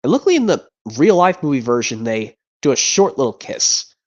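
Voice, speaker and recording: A man's voice: mid-range voice, very animated, a little fast. A man streaming, chatting casually and rambling with frequent restarts and repeated words. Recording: dull lo-fi sound.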